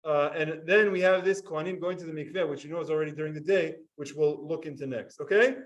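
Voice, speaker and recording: A man's voice: on the high side, fast talker, distant mic, low-quality recording. A man teaching a Talmud class, explaining step by step and asking his students questions.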